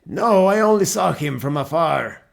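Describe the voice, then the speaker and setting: A man voicing a polite, hesitant old male veteran who speaks with a halting, courteous manner. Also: a little high, lively intonation, gravelly.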